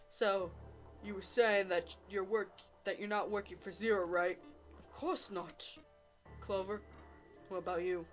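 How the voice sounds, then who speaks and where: A young woman playing a visual novel, reading the text and dialogue aloud with laughing, excited asides. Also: mid-range voice, a little slow, pauses often, soft background music. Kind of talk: let's play narration.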